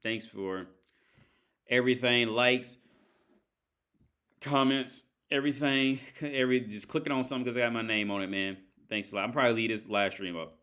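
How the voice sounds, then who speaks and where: A man's voice: mid-range voice, steady tone, normal speed, pushed and bright. A man hosting a casual livestream from home, ranting in a rambling, crude way, full of restarts and filler words. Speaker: livestream host. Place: at home by his TV.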